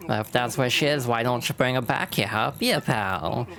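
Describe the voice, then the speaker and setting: Woman doing a tough-guy game goon: talk out of the side of the mouth, slangy and menacing, a gruff male mobster. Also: a bass voice, normal speed, fairly bright tone.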